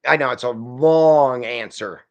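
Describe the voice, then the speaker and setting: A man with a mid-range voice hosts a casual live stream at a measured pace, rambling folksily as he reads viewer comments and answers them. He calls viewers "friend" and "y'all." The audio sounds dull.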